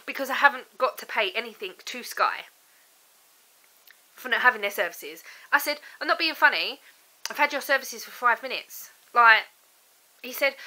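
A woman's voice: fairly high pitch, bright, forceful tone, poor audio. A young woman vlogging at home, chatting in a rambling, exasperated way. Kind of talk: casual vlog chat. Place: home, indoors.

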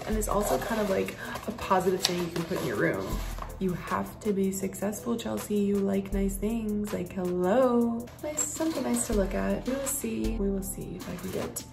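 A woman rambling through a casual haul vlog, saying \"like\" at every turn. She sounds worn out but keeps chatting. Her voice sits in an ordinary middle pitch, and loud music plays underneath. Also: normal speed, creaky. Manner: chatty, filler-heavy, \"like\" constantly. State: tired. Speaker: haul vlogger and mother. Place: at home.

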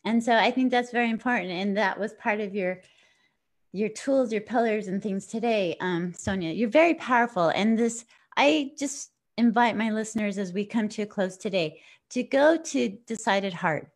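A woman's voice: mid-range voice, normal speed. Upbeat woman hosting an inspirational show. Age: middle-aged. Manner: affirming and encouraging, warm-hearted sign-offs. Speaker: podcast host.

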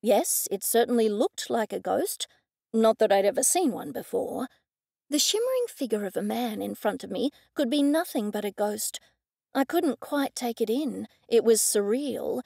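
A woman's voice: fairly high pitch, animated, moderate pace, vocal fry, darkish tone, breathy edge, dry recording. Woman narrating in a dry studio. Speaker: audiobook narrator. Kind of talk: scripted first-person narration.

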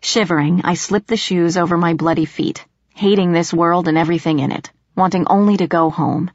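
A woman reading a first-person fantasy audiobook in steady, measured storytelling narration. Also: on the low side, no room sound, dull audio.

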